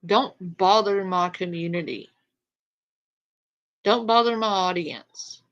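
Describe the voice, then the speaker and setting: A woman's voice: mid-range voice, slow pace, a bit bright. A woman talking to camera in a casual, sarcastic, dismissive way, as an online content creator. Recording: dull lo-fi clip audio.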